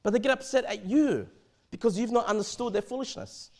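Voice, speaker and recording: A man with an Australian accent preaching a sermon in a church, conversational and animated, often stammering and restarting his sentences. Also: very high-pitched, a little fast. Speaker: pastor.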